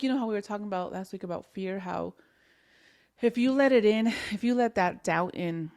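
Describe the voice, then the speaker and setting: A young woman talking candidly on a podcast, her voice sitting in a middle pitch. She tells a personal story in an animated way, stumbling over restarts and slipping into Spanish now and then. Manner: animated, restarts often, mixes in Spanish words. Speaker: podcast co-host.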